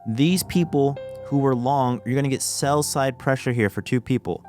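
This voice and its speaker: A man's voice: medium pitch, normal speed, a little mellow, faint music behind. A man giving a casual screen-share trading lesson, walking through a chart and often saying "okay" as he restarts phrases. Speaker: trading educator.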